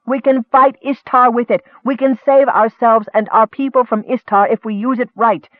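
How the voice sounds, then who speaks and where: A man's voice: very high voice, steady tone, moderate pace, no room sound, narrow, tinny audio, pitched above the performer's own voice. A man playing a desperate, pleading elf. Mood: urgent. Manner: urgent, pleading, shouting. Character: urgent, desperate male elf warrior.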